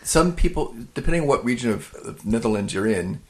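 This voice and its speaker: A man co-hosting a podcast about home cheesemaking, talking in a relaxed, halting way with many restarts and easy laughs. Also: medium pitch. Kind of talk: casual chat.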